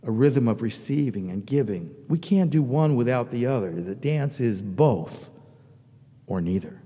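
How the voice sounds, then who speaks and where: A man preaching a sermon as pastor, reflective and quietly confessional, rising to emphatic peaks. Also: mid-range voice, expressive, measured pace, husky, long reverb tail.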